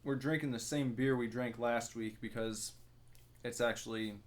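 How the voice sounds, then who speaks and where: A man's voice: mid-range voice, fairly even intonation, moderate pace. Laid-back male podcast co-host. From Ohio. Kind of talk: casual chat.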